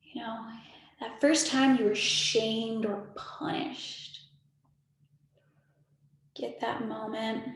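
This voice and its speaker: A woman in her twenties leading a guided meditation on a video call, talking in a soft, soothing, repetitive way with casual filler words. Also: fairly high pitch, fairly even intonation, very slow, long pauses, heavy reverb. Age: 20s. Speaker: spiritual meditation leader. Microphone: video call microphone.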